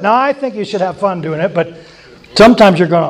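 Male preacher, high voice, casual sermon style with laughing asides and repeated emphasis. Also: animated, fast. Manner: conversational, chuckling asides, emphatic repetition. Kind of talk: informal sermon teaching.

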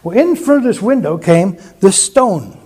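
A man's voice: sits high, big pitch swings, a little slow, darkish tone, slightly rough. A man preaching a sermon through rambling anecdotes, with frequent restarts. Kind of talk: sermon storytelling.

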